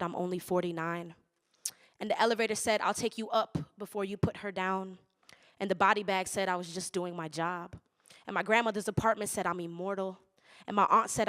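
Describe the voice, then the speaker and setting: A young woman performing spoken word poetry, with rhythmic, measured recitation and loose, laughing, swearing banter between poems. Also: mid-range voice, fairly bright tone.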